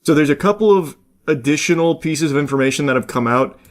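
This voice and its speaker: A man's voice: fairly high pitch, fast. A man hosting a casual reaction commentary, rambling along with jokey asides and casual swearing. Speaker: host.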